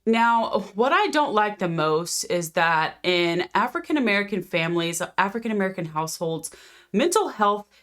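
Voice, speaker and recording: A woman's voice: mid-range voice, very animated, normal speed, fairly bright tone. A woman host and life coach telling a personal story to camera in an earnest, conversational way, often restarting her sentences.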